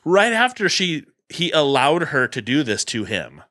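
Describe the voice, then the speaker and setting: A man's voice: on the high side, unhurried, no room sound, studio quality. A middle-aged man, co-hosting a podcast and telling a story animatedly in casual chat. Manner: animated storyteller acting out scenes. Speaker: podcast co-host.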